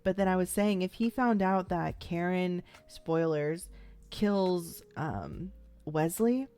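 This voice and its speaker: A young vlogger reacts to a TV series she's watching for the first time, rambling casually with plenty of "like" and "um" and playfully acting out characters' lines. Her voice sits on the low side, expressive and slow, with a dark, clear, resonant tone.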